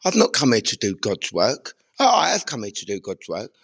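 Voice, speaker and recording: Husky-voiced man, intense and rambling. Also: lowish voice, huge pitch swings, moderate pace, fairly bright tone. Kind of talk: rambling spoken monologue. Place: outdoor churchyard among graves.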